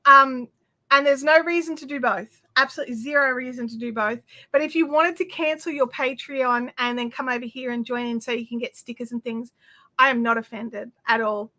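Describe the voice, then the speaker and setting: A woman with an Australian accent hosts a craft livestream from home. Her voice sits high and bright, with plenty of crispness. She chats effusively to her viewers and reads out their comments, her talk full of fillers and restarts. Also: steady tone, a little fast. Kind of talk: casual chat reading viewer comments.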